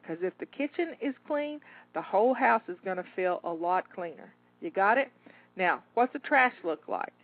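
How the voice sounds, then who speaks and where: A woman's voice: on the high side, no room sound. Woman, upbeat cleaning coach, slightly breathless, dry tinny recording. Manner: upbeat, encouraging, talks listener through tasks. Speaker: home organizing coach. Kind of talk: live timed cleaning coaching. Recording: tinny phone-like line, dry.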